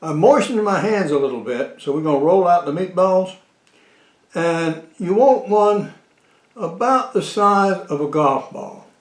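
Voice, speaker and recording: A man walks through a home cooking demonstration at an unhurried pace, his high voice rising and falling as he talks. He rambles a little and slips in dry jokes. The sound is roomy, with a clear echo off the walls. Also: lively intonation. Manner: slow, rambling, with frequent uh fillers and dry jokes. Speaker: cooking show host. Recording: echoey room.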